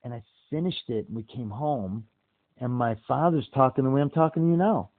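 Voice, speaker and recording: A middle-aged man telling stories in a casual chat, lively and animated, with quick jumps into quoted voices. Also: mid-range voice, very noisy. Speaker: podcast host. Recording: tinny phone-like dry sound.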